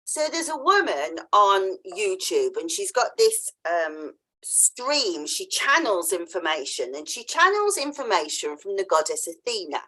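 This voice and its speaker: Animated woman telling a story. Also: mid-range voice, unhurried. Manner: chatty storytelling, acts out quoted voices; laughs often. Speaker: podcast host. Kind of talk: casual interview chat.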